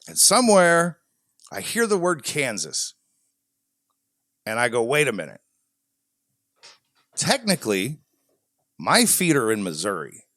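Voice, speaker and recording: A man from the Midwest co-hosting a podcast, telling a long story in a lively, laughing way. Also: medium pitch, unhurried, pauses often, no room sound, studio quality. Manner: animated storytelling, frequent laughter. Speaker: podcast co-host. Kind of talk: casual podcast chat.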